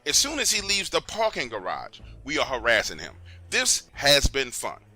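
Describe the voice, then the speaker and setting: A man's voice: mid-range voice, huge pitch swings, moderate pace, sharp tone, soft background music, heavily acted. A man doing a laid-back, slangy buddy. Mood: amused. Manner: easygoing, slangy, amused. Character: laid-back street-smart male friend.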